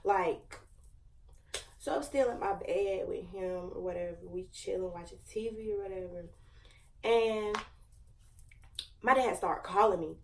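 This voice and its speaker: A woman's voice: medium pitch, unhurried, pauses often, far from the mic, slight background noise. A young woman in her late teens, casually telling a dramatic storytime with lots of slang and fillers. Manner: chatty, slangy, dramatic retelling. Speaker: vlogger.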